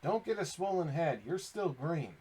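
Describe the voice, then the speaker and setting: A man voicing a gruff, stern middle-aged father who runs a fish shop, talking in a blunt, scolding way. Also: fairly high pitch, expressive, normal speed, mellow.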